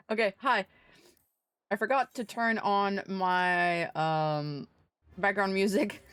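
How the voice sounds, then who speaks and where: A woman's voice: medium pitch, very slow, long pauses, fairly bright tone, clean tone, no room sound, faint music behind. A woman streaming a video game, chatting casually in a playful, giggly way with sing-song greetings and casual swearing. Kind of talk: casual livestream chat over gameplay.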